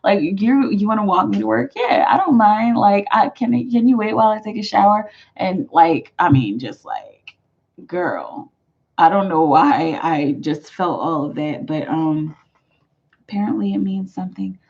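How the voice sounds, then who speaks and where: Her medium-pitched voice is lively in intonation and a little rough as she runs a live tarot stream. Reading out comments from viewers, she rambles and chats freely, dropping plenty of "like" fillers and brief laughs, all captured in muffled, lo-fi stream sound.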